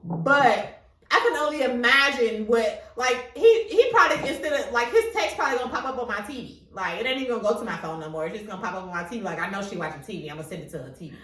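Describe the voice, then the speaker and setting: A woman's voice: on the high side, fast talker, distant mic. A woman co-hosting a podcast, chatting casually and steering the conversation. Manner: relaxed, conversational, steers the topic. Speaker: podcast co-host. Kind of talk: casual chat. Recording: roomy echo, set back from mic.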